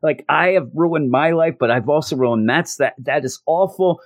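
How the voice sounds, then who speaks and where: Guy doing upset young woman, guilty, pleading a bit higher, dry sound. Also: normal speed, no room sound, lightly acted.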